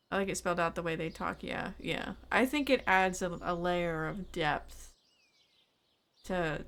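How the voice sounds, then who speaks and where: A woman's voice: lowish voice, fairly bright tone. Chatty woman streaming a farm game. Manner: chatty, thinks aloud and answers chat. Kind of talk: casual gameplay stream chat.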